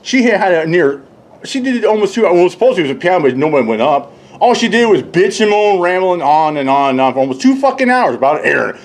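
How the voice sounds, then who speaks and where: A man ranting casually and profanely, rambling and mocking others, often laughing and mimicking them in high voices. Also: very animated, fast talker. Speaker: YouTube commentator. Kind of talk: casual rant.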